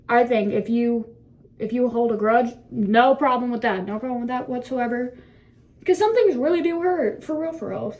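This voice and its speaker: Teen girl vlogger, seventeen, rambling casual talk to a phone in a bathroom, quick laughs, loose swearing, slightly high voice. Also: a little mellow. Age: teens. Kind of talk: casual self-reflection chat to camera. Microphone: phone camera.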